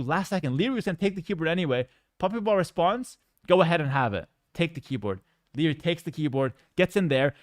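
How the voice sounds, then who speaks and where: A man's voice: sits high, no room sound. A man streaming, telling a story in a casual, joking way with exaggerated mock outrage.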